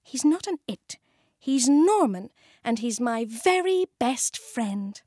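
A woman voicing an eager young boy who is earnest, excitable and a bit pleading. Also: fairly high pitch, takes it slowly, dry recording, studio quality, voice pushed up, full character voice. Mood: excited. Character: eager young boy who loves his pet frog.

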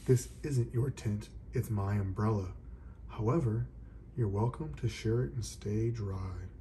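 A man voicing a calm, kindly male elephant who answers politely and patiently in a read-aloud storybook. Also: fairly low pitch, measured pace, slight background noise, natural voice. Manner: patient, polite, gently firm.

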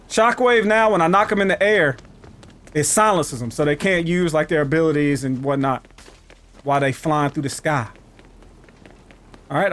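Loud trash-talking man streamer. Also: a little high. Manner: profane, trash-talking, shouts at enemies. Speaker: gaming streamer. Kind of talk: live gameplay commentary.

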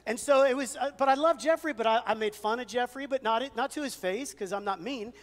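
A man with a fairly high voice delivers a sermon from a church sanctuary. He preaches conversationally, telling stories and poking fun at himself. His words trail off into a long hall reverb. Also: fairly quick, a little hiss or hum. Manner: conversational storytelling with self-deprecating humor. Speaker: pastor.

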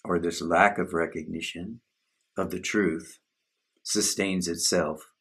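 A man giving a slow, measured, contemplative spiritual talk as a teacher leading a satsang on self-inquiry. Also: low-pitched, fairly even intonation, a bit bright, breathy edge.

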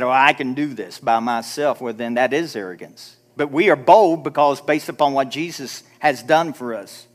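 A man preaching a sermon as pastor, animated, acting out timid prayers in a hushed voice. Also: fairly high pitch. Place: church sanctuary.

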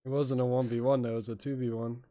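A man streaming a shooter game with teammates, calling out plays and shouting orders when the fight gets tense. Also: medium pitch, quick pace. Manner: shouts urgent commands when excited. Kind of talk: casual gaming callouts.

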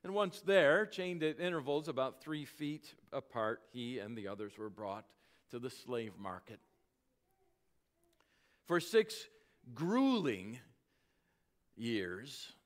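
A male pastor with a mid-range voice preaches a sermon, telling a story with dramatic slowdowns as his volume sinks at the ends of phrases.

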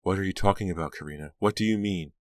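A man's voice: very deep voice, moderate pace, no room sound. A man doing a rattled teenage girl. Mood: bewildered. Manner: heated, then shaky and bewildered. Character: frightened, indignant teenage girl.

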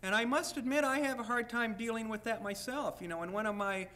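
A man's voice: very high voice, fairly quick, bright, forceful tone. A man giving a university lecture, speaking candidly in the first person and at times reading aloud from his own writing.

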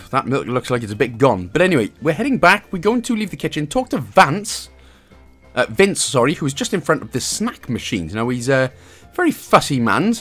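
With a mid-range, slightly bright voice that has a breathy edge, this gaming guide host from Wales explains a game walkthrough one step at a time. His Welsh accent is clear, and he slips chuckling jokes in between the directions.

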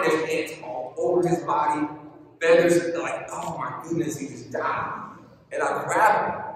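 Animated man preaching in an echoey hall. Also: fairly high pitch, distant mic, a little hiss or hum. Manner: animated, joking, repeats key lines. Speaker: youth pastor. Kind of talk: storytelling youth sermon.

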